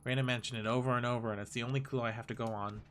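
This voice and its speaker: A man voicing a weary, bitter woman detective thinking to herself in a quiet, brooding game monologue. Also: steady tone, racing, slight background noise, close to an everyday voice. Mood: resolved. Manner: quiet, brooding, low-key.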